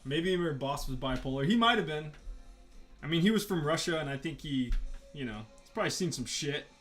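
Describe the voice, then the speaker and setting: A man's voice: on the high side, lively intonation, brisk, a bit bright, soft background music. Rambling, foul-mouthed man chatting while sketching. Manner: rambling, profane, filler-heavy storytelling. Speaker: artist vlogger. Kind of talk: casual rambling chat while drawing.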